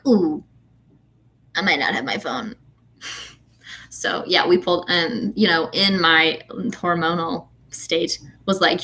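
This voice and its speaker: Chatty woman telling a story. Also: medium pitch. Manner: animated storytelling with frequent fillers and laughs. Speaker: author talking to readers. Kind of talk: casual ranting chat.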